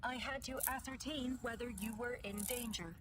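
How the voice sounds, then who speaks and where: A woman's voice: fairly high pitch, moderate pace, noisy background, close to an everyday voice. A woman voicing a formal, loyal female android security guard in a video game, speaking in a precise, composed way. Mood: composed, dutiful.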